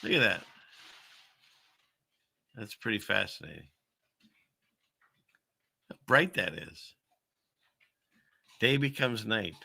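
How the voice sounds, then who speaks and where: Slow and creaky with long pauses, this man's lowish voice is pushed, bright, and slightly rough, with lively intonation and no room sound. As a show host, he rambles wryly through video clips and talks to his chat in casual commentary.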